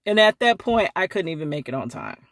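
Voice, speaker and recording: Speaking a little fast, the vlogger acts out the people in her anecdote with exaggerated pitch changes, laughing often as she talks to the camera. There's no echo, and the audio is studio clean.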